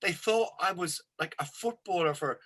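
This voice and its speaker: Bright-voiced Irish man telling stories. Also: high-pitched, normal speed, husky. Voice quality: rambling anecdotal storyteller, swears casually. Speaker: podcast host, metal musician. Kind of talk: casual chat.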